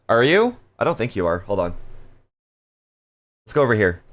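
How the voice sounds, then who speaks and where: A man's voice: on the low side, sing-song, moderate pace. A man casually chatting on a live stream, reading viewer messages aloud with playful jokes and frequent laughter. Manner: laughs often.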